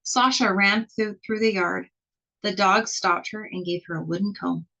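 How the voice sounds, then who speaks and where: A woman reading a children's picture book aloud in an expressive, slow storytelling manner. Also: mid-range voice, creaky, highs cut off. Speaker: storybook reader.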